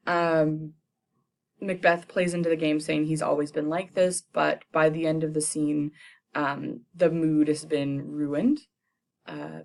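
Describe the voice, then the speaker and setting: A young woman teacher retelling a play for students in a chatty, slangy way, tossing in quick playful character voices. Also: sits low.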